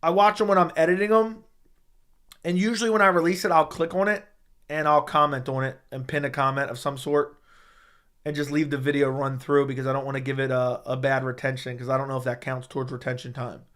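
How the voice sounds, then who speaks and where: Speaking at medium pitch with little pitch movement, a slightly fast pace, and a bit of brightness, this MMA livestream host talks into a studio dynamic mic at home. He's blunt and profane with viewers' questions and dismissive of dumb ones.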